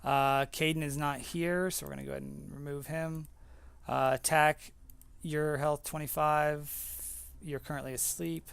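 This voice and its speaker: Man, game master, smooth clear voice, casual halting delivery, tabletop game. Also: a little high, flat delivery, fairly bright tone. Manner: casual, halting, full of fillers. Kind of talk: running a tabletop game online.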